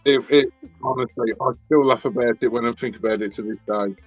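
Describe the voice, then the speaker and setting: A man's voice: mid-range voice, fairly quick, breathy edge, lo-fi sound, soft background music. A man chatting casually on a live stream, teasing and laughing easily. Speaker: lockpicking stream co-host. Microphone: remote guest link.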